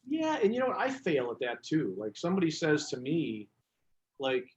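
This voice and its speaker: A man, a business coach, chatting as a guest and telling lively stories with asides and restarts. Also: on the high side, moderate pace, highs cut off. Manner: animated storyteller, frequent restarts and asides. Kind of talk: casual interview chat. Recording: roomy echo.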